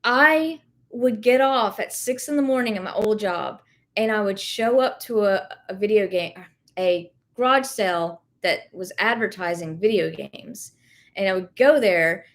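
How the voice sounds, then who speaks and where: In an unhurried, mid-range voice, a young reseller with a light Southern accent rambles casually on her livestream, reading comments from viewers. She's from the rural American South and is currently sick with Covid. Her chatty talk is packed with fillers and self-corrections.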